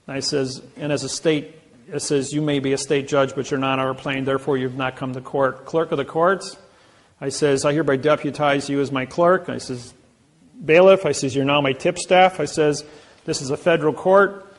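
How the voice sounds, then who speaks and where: A man's voice: mid-range voice, steady tone, moderate pace. A man giving an informal seminar lecture, telling rambling anecdotes and acting out the dialogue himself. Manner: storytelling, acting out courtroom dialogue; rambling, self-correcting.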